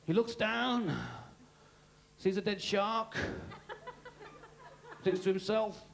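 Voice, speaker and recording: A man in his thirties doing a live stand-up comedy routine with deadpan, quick absurd asides. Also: sits high, vocal fry. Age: 30s. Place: comedy stage before a live audience.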